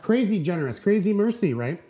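A man's voice: high voice, sing-song, a little fast, warm tone. A man preaching a sermon to a congregation, retelling a parable in a conversational, joking way. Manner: conversational, jokey, acts out quotes. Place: church before a live congregation.

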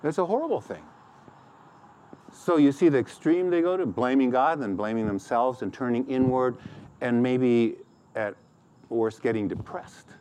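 A man's voice: mid-range voice, normal speed, warm tone, a little hiss or hum. A middle-aged man preaching a sermon as pastor, acting out quoted complaints in a raised voice.

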